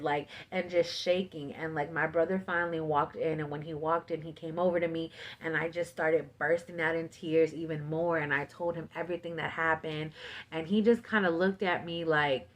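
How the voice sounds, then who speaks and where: Chatty woman telling a spooky story. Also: lowish voice. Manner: filler-heavy, animated retelling with "like". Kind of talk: casual storytime vlog.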